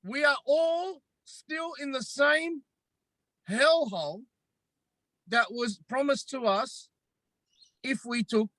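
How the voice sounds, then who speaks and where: Australian man, podcast guest: high, bright voice, measured delivery, hammers his points home. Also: no room sound, low-quality recording. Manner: emphatic, repetitive, deliberate. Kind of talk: impassioned podcast talk.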